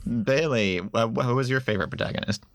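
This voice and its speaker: A man co-hosting a casual book-chat podcast, teasing and quick to giggle. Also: medium pitch, dry recording, studio quality. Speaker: podcast co-host.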